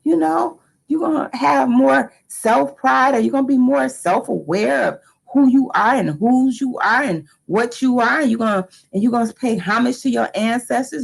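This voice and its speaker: A middle-aged woman hosting a live motivational talk, lively and animated, acting out excited quotes. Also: fairly high pitch, normal speed, vocal fry, breathy edge, low-quality recording. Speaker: motivational live-stream host.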